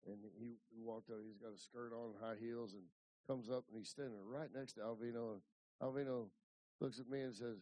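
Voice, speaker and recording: A man in his fifties from Ohio, preaching in a loose, rambling way and often repeating himself as he tells stories. His voice is of middling pitch and sounds close and dry. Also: fairly even intonation, normal speed, dark tone, no room sound, low-quality recording. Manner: rambling, repeats words and restarts. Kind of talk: folksy storytelling sermon.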